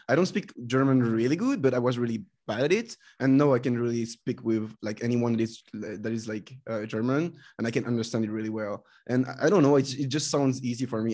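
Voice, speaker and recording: A young man from France with a French accent, a guest chatting casually in halting English full of fillers. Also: medium pitch. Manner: relaxed, halting, many "like" fillers. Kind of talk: casual podcast chat.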